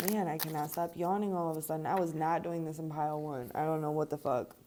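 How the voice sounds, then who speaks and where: A woman's voice: low-pitched, fairly even intonation, quick pace, dark tone, a little hiss or hum. A young woman giving a casual tarot and angel card reading to her viewers, chatty and laughing often, swearing now and then. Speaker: tarot reader.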